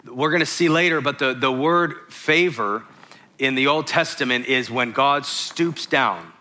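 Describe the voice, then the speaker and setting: A man's voice: medium pitch, unhurried, sharp tone. A man preaching a sermon, reading scripture verses aloud and stopping to explain them to his listeners.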